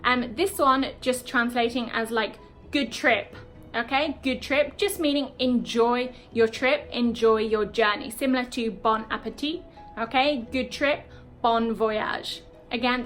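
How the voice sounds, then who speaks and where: A British woman teaching English in a casual video lesson, explaining slowly and checking in with "okay?" often. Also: sits high, a bit bright. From Britain. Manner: explains slowly, repeats words, frequent "okay?".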